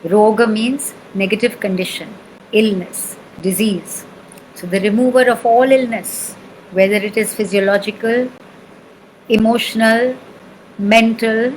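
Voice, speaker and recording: Slow, patient Indian woman teaching. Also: on the high side, steady tone, a little hiss or hum, poor audio. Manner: slow, patient teaching, repeating syllables and checking in with "okay?". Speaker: sound healing teacher. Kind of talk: spoken lesson with chanting demonstrations.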